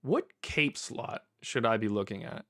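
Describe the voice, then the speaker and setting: A man's voice: fairly low pitch, a little slow, creaky, fairly bright tone, no room sound. Male game streamer, conversational live commentary, dry booth-like sound. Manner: chatty, talks to chat, bursts of laughing frustration.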